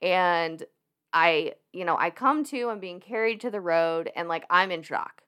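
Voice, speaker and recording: A woman's voice: fairly low pitch, a little slow, clean tone. A young woman telling a personal story as a podcast guest, chatty and laughing often, with plenty of fillers. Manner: animated, laughing, lots of fillers. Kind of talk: casual storytelling.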